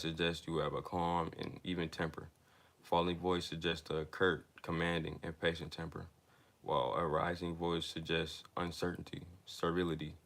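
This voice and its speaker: A man's voice: low-pitched, creaky, fairly bright tone. A young man reading a self-help book aloud, stumbling over words, with casual asides to his listeners. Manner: reads haltingly, stumbling and restarting words. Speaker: book reader and commentator.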